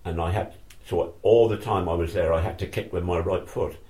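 A man's voice: low voice, fairly even intonation, brisk, darkish tone. An older man telling old stories in a rambling, self-correcting way during an interview. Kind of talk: reminiscing oral history.

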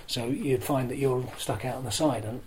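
An older man recounts his broadcasting days in an animated, self-mocking way, full of restarts and asides. His voice sits at an ordinary middle pitch. A light background noise runs under the conversation. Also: moderate pace, rough recording. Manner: lively storyteller who acts out crowd shouts; self-deprecating and chatty, with restarts. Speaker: interview guest, former rugby broadcaster. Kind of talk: anecdotal interview storytelling.

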